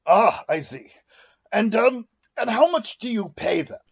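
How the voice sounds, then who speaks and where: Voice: mid-range voice, sing-song, measured pace, creaky, breathy edge, lo-fi sound. A tabletop player speaking in character, stiff and formal, with hesitant fillers. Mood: polite. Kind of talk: in-character tabletop role-play.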